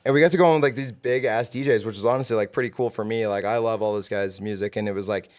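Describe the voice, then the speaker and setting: A man telling rowdy stories as a guest on a casual podcast, swearing a lot and acting out the shouted lines in them. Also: on the low side, fast talker. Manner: animated, profane, acts out shouted quotes. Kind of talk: casual storytelling chat.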